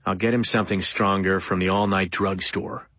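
A woman voicing a gruff, menacing male captor who speaks in a low growl for an audiobook. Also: steady tone, normal speed, a bit bright, no room sound. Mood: dismissive.

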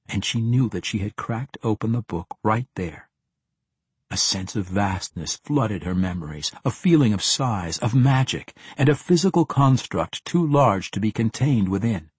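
A man narrating a fantasy audiobook in a steady, even-paced reading. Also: lowish voice, breathy edge, dry recording.

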